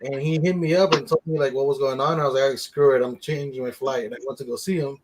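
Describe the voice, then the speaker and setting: Guest, male, New York accent, mid pitch, relaxed storyteller. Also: fast talker, background noise. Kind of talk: casual chat.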